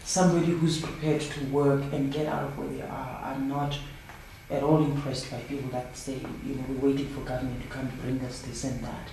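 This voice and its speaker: A woman speaks with passion in an interview and drives her points home with forceful rhetorical questions. Her voice sounds distant and roomy, as if the mic sits across the room. A faint hum of ambience lies underneath. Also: extremely low pitch, little pitch movement, a little fast. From South Africa. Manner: impassioned, emphatic rhetorical questions. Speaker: project founder.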